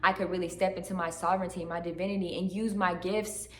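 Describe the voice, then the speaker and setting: A channel host tells her emotional religious testimony to the camera facing her, earnest and searching, often ending her sentences with "right?". Her voice is on the low side with little pitch movement and a quick pace, in an echoey room.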